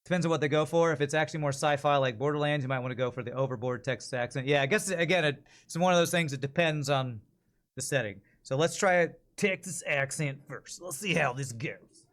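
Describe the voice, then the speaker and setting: A male streamer talks casually on a live stream, working through voice-over takes. He thinks out loud, often trails off, and keeps asking his viewers what they think. His speaking voice sits a little high for a man. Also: fairly quick. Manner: chatty, thinks out loud and asks chat for feedback.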